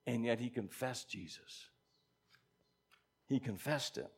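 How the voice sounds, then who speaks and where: A man teaching a congregation in a conversational sermon, reading scripture aloud and musing with animated asides. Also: medium pitch, slow, creaky, husky. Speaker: pastor or Bible teacher.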